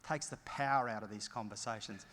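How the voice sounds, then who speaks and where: A man's voice: fairly low pitch, fairly quick, a bit bright. A middle-aged Australian man giving a motivational conference keynote, emphatic and story-driven with punchy short phrases. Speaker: keynote speaker. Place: large conference hall. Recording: long hall reverb.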